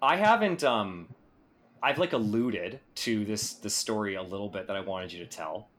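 A man hosts a podcast with a playful, teasing manner. His pitch jumps around a lot, so his talk sounds bouncy and animated. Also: moderate pace. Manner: playful, prodding, jokey. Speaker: podcast host. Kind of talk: casual podcast chat.

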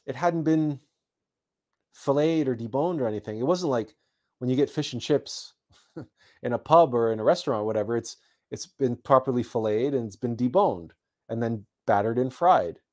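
Casting note: man, Canadian-born host, reflective storytelling, halting delivery full of restarts and fillers. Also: mid-range voice. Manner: halting, repeats words, many fillers.

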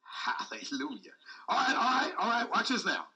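A man's voice: very high voice, sing-song, quick pace, bright, forceful tone, distant mic, rough recording. A man preaching a sermon with speech, repeating phrases and calling out to the congregation. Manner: call-and-response preaching, repetitive, emphatic.

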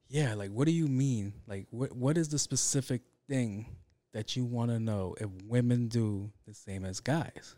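Fairly low in pitch and dark in tone, his voice moves at a measured pace, with no echo. He's a father hosting a casual podcast on his own, rambling, profane and heavy on filler words.

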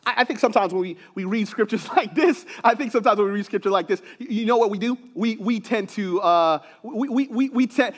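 A man preaches with a strikingly high voice. He is animated, repeating words as he builds each point and laughing between them. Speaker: pastor. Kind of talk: sermon.

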